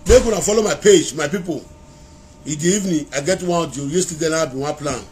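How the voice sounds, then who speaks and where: A man with a Nigerian Pidgin accent, talking to his followers in a rambling, animated live-video monologue, breaking at times into chanted praise calls, speaking into a phone held to his face. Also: on the high side, fast. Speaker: social media vlogger.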